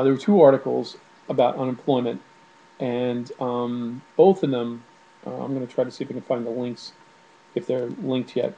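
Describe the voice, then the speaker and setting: A man's voice: mid-range voice, vocal fry, mellow, breathy edge, dull audio. A man giving casual spoken commentary to camera at home, irritated and ranting, with many fillers and restarts. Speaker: video blogger.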